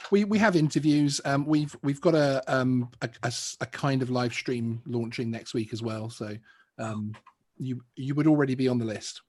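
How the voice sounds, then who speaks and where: A man's voice: medium pitch, moderate pace, a little mellow. A man who runs a news channel, speaking politely in casual chat.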